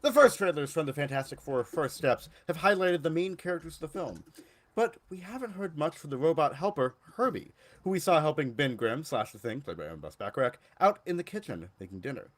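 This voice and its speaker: A man's voice: a little high, animated, a little fast. Chuckling, pun-making podcast man. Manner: punning, chuckling, trailing off quietly. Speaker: podcast co-host. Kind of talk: casual podcast chat and news reading.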